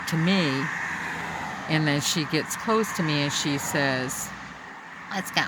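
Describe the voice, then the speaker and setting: A man telling a personal story aloud, unscripted, halting and full of fillers and restarts. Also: a little high, noisy background.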